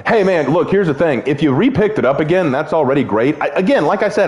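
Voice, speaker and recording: A man's voice: on the high side, quick pace. A young man streaming a game, chatting casually and joking with friends. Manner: laughing, joking, animated. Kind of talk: casual gaming chat.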